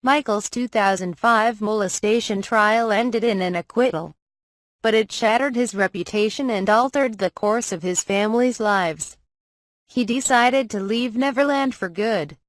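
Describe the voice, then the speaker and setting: A woman reading a magazine profile aloud as scripted narration, measured and even. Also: mid-range voice, dry recording. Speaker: article reader.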